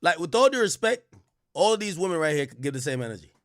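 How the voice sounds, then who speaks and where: A man talks straight to his chat in blunt, animated bursts, swearing as he goes. His voice sits fairly high for a man. The sound is dry and close, with no room around it. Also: quick pace, no room sound. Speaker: streamer host. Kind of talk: casual livestream commentary.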